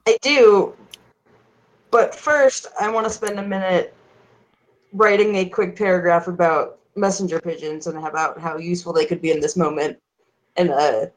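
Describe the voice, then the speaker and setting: A woman's voice: fairly low pitch, normal speed, low-quality recording. A woman playing a tabletop game, explaining her plans in a rambling, hesitant way full of fillers. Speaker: player. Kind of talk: casual tabletop game chat.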